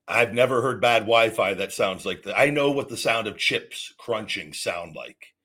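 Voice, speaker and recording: A man's voice: on the low side, moderate pace, hardly any pauses, sharp tone, husky. A man hosting a call-in podcast, giving blunt, rambling fitness advice in a casual, teasing way. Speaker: podcast host.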